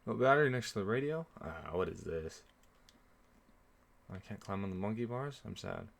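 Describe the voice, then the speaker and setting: A young man commenting on his own horror-game stream in a slightly low voice. He rambles casually to his viewers, dropping lots of ums and restarts. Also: expressive, normal speed.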